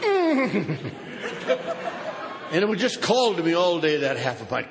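A man's voice: fairly high pitch, wildly swooping pitch, a little slow, crowd noise. An older man telling a story at a recovery meeting with a sardonic, punchy comic delivery. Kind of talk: humorous storytelling talk. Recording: reverberant hall with background noise.

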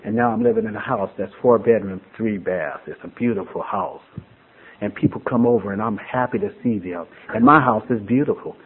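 A middle-aged man shares his recovery story with a room of supporters, earnest and emotional as he goes. The sound is thin and tinny, with a husky edge to his voice. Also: medium pitch. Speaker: speaker sharing a recovery story. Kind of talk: personal testimony to a live gathering. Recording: tinny phone-like lo-fi audio.

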